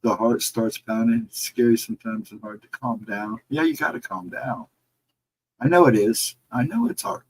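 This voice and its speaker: Husky-voiced man chatting with stream viewers. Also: mid-range voice, normal speed, low-quality recording. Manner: relaxed and reassuring, reads and answers chat. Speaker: livestream host. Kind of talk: casual livestream chat with viewers.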